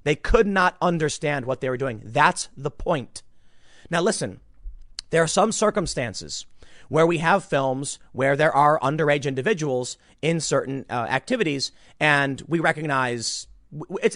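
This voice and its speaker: Guy ranting on his channel, voice jumping all over, kinda high, super dry close sound. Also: moderate pace, no room sound. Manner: animated, emphatic, ranting with repeated restarts. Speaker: commentator. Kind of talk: casual online commentary.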